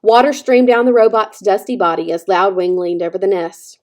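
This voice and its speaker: A woman teacher reading a children's novel aloud with expressive storytelling. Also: medium pitch, moderate pace. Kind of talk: children's book read-aloud.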